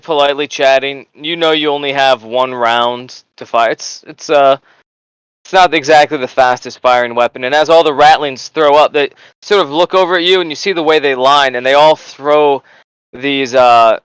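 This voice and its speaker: A man narrating as game master of a tabletop game, storytelling in a lively way with fillers. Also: mid-range voice, moderate pace, smooth, no echo, poor audio.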